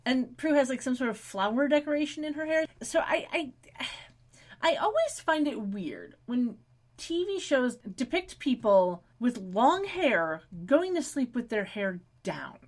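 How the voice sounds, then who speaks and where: Woman co-host, casual recap chat, rambly, filler-heavy, softer on anecdotes. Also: high-pitched, big pitch swings, measured pace. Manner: rambling, frequent "like" fillers, drops quiet for stories. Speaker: podcast co-host.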